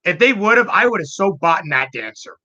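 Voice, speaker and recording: A man putting on the voice of a tearful, grateful young woman friend, excited and pleading. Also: high voice, a little fast, muffled recording, pitched above the performer's own voice, exaggerated voice.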